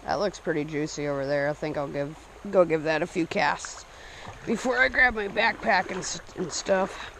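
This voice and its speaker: A young man narrating his fishing trip casually outdoors, breaking into excited outbursts when he hooks a fish. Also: fairly high pitch, moderate pace, creaky, a little hiss or hum. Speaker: fishing vlogger. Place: outdoors by a small stream. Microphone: action camera. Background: running stream water.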